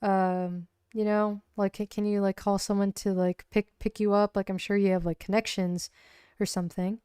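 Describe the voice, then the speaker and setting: A woman's voice: medium pitch, little pitch movement, moderate pace, warm tone, clear, resonant tone, no room sound, studio quality, lightly acted. A woman voicing a blunt, impatient young cyberpunk woman in solo tabletop role-play. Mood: exasperated. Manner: exasperated, blunt.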